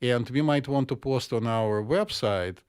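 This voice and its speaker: Middle-aged man from the former Soviet Union, psychiatrist co-host; dry, deadpan humor, slightly formal phrasing, mid-range voice. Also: mid-range voice, measured pace, clean tone. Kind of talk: casual chat.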